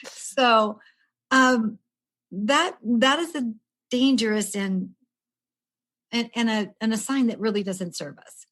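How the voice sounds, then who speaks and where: A woman's voice: on the high side, slow, pauses often. A woman in her sixties, a stress management coach, telling her own story in a casual podcast chat and acting out the voices of the people in it. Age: 60s. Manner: animated storyteller who acts out quoted voices with laughs.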